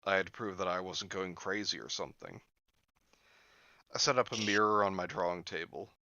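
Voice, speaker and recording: A man with a fairly low but bright, lively voice reads a horror story aloud and breaks off for jokey asides. The recording is dry and a little dull, like a lo-fi home mic. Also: brisk, slight background noise. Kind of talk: storybook reading mixed with joking commentary.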